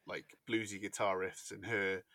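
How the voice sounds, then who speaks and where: Man, podcast co-host, casual chat, low pitch, bright forceful tone, dry sound. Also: level tone, normal speed, dry recording. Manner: chatty, trails off with tag questions.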